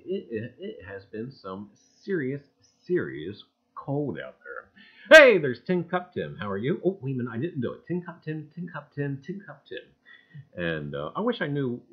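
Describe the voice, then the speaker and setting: A man hosting a casual livestream, greeting viewers by name in loud sing-song bursts and chatting in a folksy way. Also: medium pitch, breathy edge. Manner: folksy, repeats "gang, I tell you". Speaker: livestream host. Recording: dull lo-fi stream audio.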